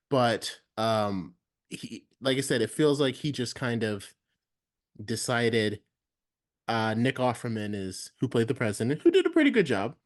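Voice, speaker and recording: A man co-hosting a casual film review, talking in a relaxed, rambling way with many fillers. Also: lowish voice. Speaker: podcast co-host.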